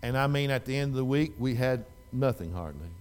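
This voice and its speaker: Folksy preacher man, loud then hushed. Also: mid-range voice, lively intonation, fairly quick. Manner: swings from loud fervent exhortation to quiet storytelling; folksy, repeats and restarts phrases. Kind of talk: sermon. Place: church.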